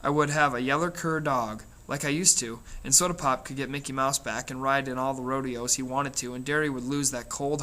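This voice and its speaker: A man's voice: medium pitch, bright, forceful tone. A man reading a novel aloud in a plain storytelling way, with small slips and restarts. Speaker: reader.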